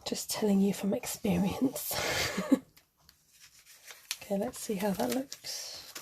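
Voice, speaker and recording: Chatting casually as she crafts, a middle-aged craft vlogger mutters to herself and lets out the occasional giggle. Her voice is mid-range, slow, and gravelly, with background noise in the recording.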